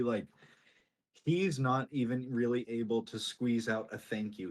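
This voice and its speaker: A man's voice: medium pitch, a little mellow. A young man narrating a tabletop game as game master, casual and full of fillers.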